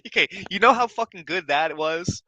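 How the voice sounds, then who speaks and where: A man hosting a battle rap review show, excitedly reacting to a clip and repeating lines he likes. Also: high-pitched, moderate pace, dull audio, very noisy. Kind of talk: reaction commentary.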